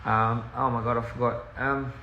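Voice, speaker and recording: A man's voice: medium pitch, level tone, moderate pace, sharp tone, lo-fi sound. A man chatting casually on a phone livestream from inside a house, rambling, easily sidetracked and laughing often. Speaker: touring musician on a livestream. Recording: roomy echo with faint hiss.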